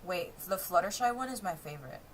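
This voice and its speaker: Chatty woman vlogger, lively voice. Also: on the low side, a little fast, poor audio. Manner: chatty, excitable. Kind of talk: casual chat. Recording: voice over music.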